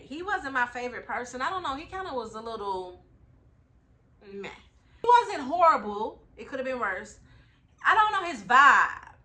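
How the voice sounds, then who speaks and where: A young woman telling a casual travel vlog story in slangy, animated talk straight to her viewers. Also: a little high. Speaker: travel vlogger.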